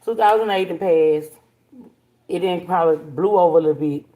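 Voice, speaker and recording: A woman, casually telling a story to her livestream viewers, animated and blunt, swearing freely. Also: fairly low pitch, fairly quick, phone-quality sound. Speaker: livestream host.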